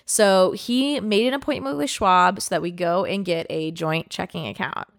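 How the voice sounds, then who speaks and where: A woman's voice: fairly low pitch, moderate pace. Chatty young woman telling a rambling story. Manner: rambling storytelling with frequent "like" and swearing. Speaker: podcast co-host. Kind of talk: casual chat.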